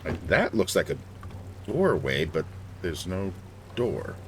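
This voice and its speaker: A man's voice: low voice, big pitch swings, slow, slight background noise. A man streaming a computer game, chatting casually and thinking aloud.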